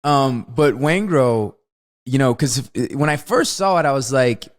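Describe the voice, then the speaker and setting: A man in casual movie talk on a podcast, animated and laughing often. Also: medium pitch, measured pace. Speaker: podcast panelist.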